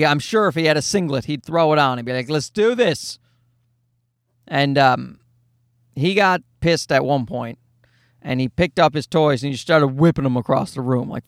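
High-voiced man rambling on a podcast. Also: normal speed, fairly bright tone, no room sound, clean studio sound. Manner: rambling, profane, self-deprecating storytelling. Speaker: podcast host. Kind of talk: casual podcast monologue.

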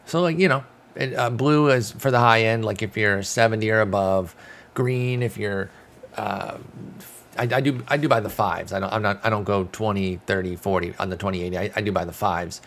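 Male podcast host, lowish voice, loose self-correcting delivery. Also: moderate pace, fairly bright tone. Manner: rambling, self-correcting, frequent fillers; reads stats aloud. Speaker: fantasy baseball podcast host. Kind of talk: casual analytical chat.

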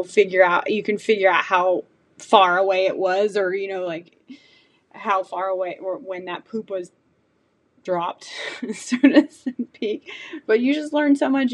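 A woman's voice: mid-range voice, fairly even intonation, moderate pace. Chatty woman guest in a casual interview. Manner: chatty, laughs easily, lots of fillers like "like". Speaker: chef and hunter, guest.

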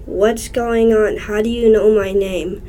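A woman's voice: mid-range voice, fairly even intonation, slow pace, warm tone, slight background noise, close to an everyday voice. Woman reading as a frightened lost boy. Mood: scared.

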